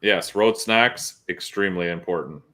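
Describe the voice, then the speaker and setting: Low-voiced man telling profane stories. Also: normal speed. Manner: profane, animated storyteller. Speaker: podcast host. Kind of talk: casual storytelling chat.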